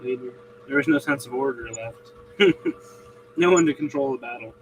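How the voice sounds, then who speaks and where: A man's voice: mid-range voice, moderate pace, a little hiss or hum, poor audio. A man joining a casual Bible discussion, chiming in with amused comments and frequent laughter. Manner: laughs often, chimes in with lively comments.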